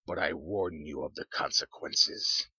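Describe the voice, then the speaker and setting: A man reading a storybook, voicing a grave, solemn older soldier who speaks slowly. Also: low voice, huge pitch swings, sharp tone, slightly rough, no room sound, full character voice. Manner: grave and slow. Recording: dull lo-fi sound.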